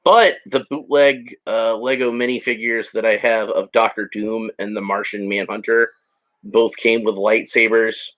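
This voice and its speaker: A man's voice: fairly low pitch, steady tone, a little slow, fairly bright tone. A man narrating a toy build in a casual, rambling way with joking asides. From United States. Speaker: hobby vlogger.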